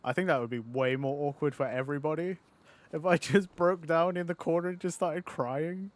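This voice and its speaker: A man's voice: a little high, normal speed, dry recording. A man, chatting casually on a game stream, rambling and self-mocking with frequent swearing and laughter. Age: 30s. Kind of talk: casual live-stream chat.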